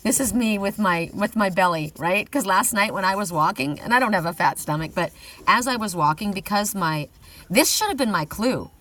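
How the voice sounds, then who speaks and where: A woman's voice: mid-range voice, lively intonation, moderate pace, a bit bright, recorded from a distance, rough recording. A middle-aged woman giving a casual oracle card reading, chatty, often laughing, whooping and swearing.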